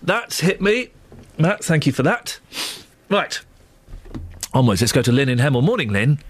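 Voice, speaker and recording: A male radio host, gently and sympathetically talking with callers, audibly moved. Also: medium pitch, big pitch swings, normal speed, husky. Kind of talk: phone-in radio hosting. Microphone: studio microphone.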